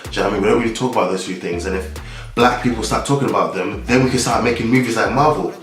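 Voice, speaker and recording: Young guy from nigeria rambling on camera, kinda low voice, echoey room with faint music behind. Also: racing. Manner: rambling, many restarts and "like" fillers. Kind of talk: casual vlog monologue.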